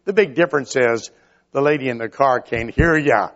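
A man's voice: medium pitch, normal speed, fairly bright tone, dull audio. An older man preaching a sermon in a folksy storytelling manner, acting out little quoted lines along the way.

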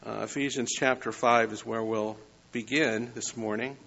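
A man's voice: medium pitch, fairly even intonation, vocal fry, a bit bright. A man preaching a morning sermon as pastor, reading scripture and building to emphatic points. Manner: measured preaching, rising emphasis on key words. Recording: lo-fi, dull sound.

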